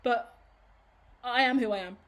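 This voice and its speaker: Woman, tarot reader, rambling and reassuring, slightly high voice, talks straight to camera. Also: unhurried, fairly bright tone. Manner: rambling and reassuring, addresses the viewer directly; laughs at her own tangents, casual swearing. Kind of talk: casual spiritual tarot reading to camera.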